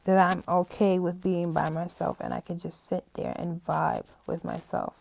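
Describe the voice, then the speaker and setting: A young woman on her own channel talks to the camera casually, her voice fairly low, gravelly and a little mellow, level in tone and at a normal speed. She rambles with real feeling, says "you know" repeatedly, and often sounds on the edge of crying.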